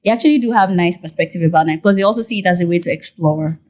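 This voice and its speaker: A woman's voice: on the low side, very fast, a little mellow. A woman with a Nigerian accent, a podcast guest talking casually and telling stories animatedly, with many fillers and restarts. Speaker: podcast guest, content creator and Korean interpreter. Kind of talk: casual interview talk.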